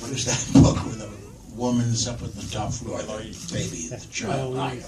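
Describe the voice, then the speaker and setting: A man's voice: mid-range voice, steady tone, normal speed. A man telling a self-mocking story at a live interview, chuckling as he speaks. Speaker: actor telling a story on stage. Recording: echoey, distant, loud noise.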